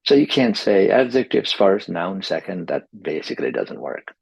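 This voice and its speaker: Man with a gravelly, husky voice teaching. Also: deep voice, very animated, normal speed, few pauses, no echo, poor audio. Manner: explains patiently, models words with exaggerated stress. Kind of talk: pronunciation lesson.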